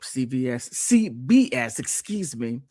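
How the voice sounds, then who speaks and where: Woman doing a live stream, slow and drawn out, voice swoops up and down a lot, keeps going "oh my goodness" and restarting. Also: extremely low pitch. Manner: animated, exclaims and restarts often. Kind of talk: casual commentary, reading from an article.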